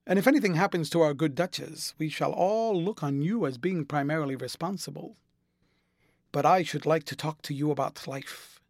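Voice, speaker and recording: A man voicing a courteous elderly gentleman with dry wit and formal, measured period speech. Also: a little high, no echo, lightly acted.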